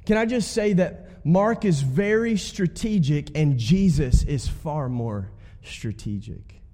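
Pastor preaching in an echoing hall. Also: male voice, a little high, animated, slow pace, dark tone. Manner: conversational preaching with call-and-response prompts. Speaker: guest pastor. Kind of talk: sermon. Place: church sanctuary. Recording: long church hall reverb.

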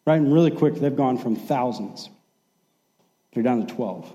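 A pastor giving a sermon in a relaxed, conversational storytelling way, acting out the quoted lines. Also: male voice, mid-range voice, unhurried, in a large hall, rough recording.

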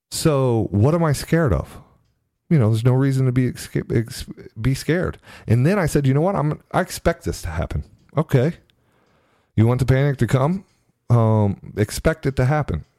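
A man earnestly telling a personal story in a halting way, often repeating his words. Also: mid-range voice, dark tone, no echo, clean studio sound. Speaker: storyteller sharing his experience.

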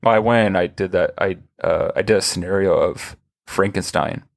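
A man's voice: deep voice, normal speed, vocal fry. A man hosting a casual podcast chat, telling long rambling stories with many restarts. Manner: rambling, animated storytelling with many restarts and laughs. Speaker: podcast host.

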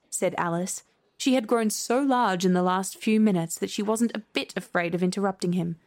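A woman reading a classic storybook aloud at a steady, measured pace. Her voice sits at an ordinary middle pitch and stays clear throughout. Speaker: storybook reader. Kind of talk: storybook narration.

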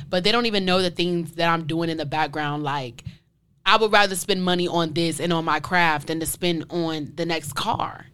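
A woman's voice: lowish voice, brisk, bright, forceful tone, clear, resonant tone. A woman hosting her own podcast, speaking emphatically and heartfelt straight to her listeners, piling up rhetorical questions. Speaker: podcast host. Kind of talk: casual podcast monologue.

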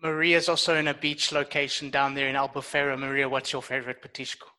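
A man hosting a casual podcast chat in a lively, teasing way, bringing his guests in one by one. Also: medium pitch, fast, rough recording. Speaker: podcast host.

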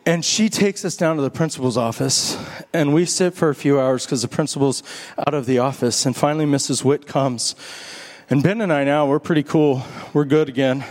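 A middle-aged male pastor preaching a sermon, telling a lively story, then leading communion. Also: normal speed. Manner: animated storytelling, rising high when excited.

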